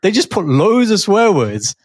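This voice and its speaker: A middle-aged man co-hosting a casual podcast, an animated storyteller who laughs often. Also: high-pitched, measured pace, no echo, clean studio sound. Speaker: podcast co-host.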